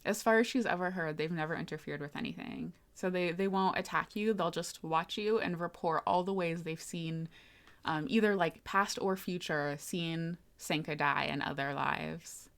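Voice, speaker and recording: A woman's voice: lowish voice, normal speed, a bit bright. A woman narrating as game master, easygoing, with frequent fillers and laughs.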